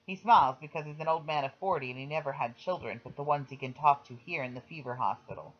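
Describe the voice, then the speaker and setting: A reader narrates a memoir audiobook at a middling pitch, in a plain storytelling manner. The recording sounds slightly dull and lo-fi. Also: quick pace. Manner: plain storytelling, quoting voices.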